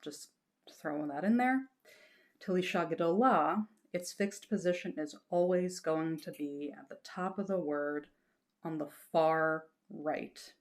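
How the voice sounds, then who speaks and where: A woman's voice: low-pitched, measured pace. A woman teaching a lesson patiently, explaining step by step and reassuring her students, breaking into short chanted examples.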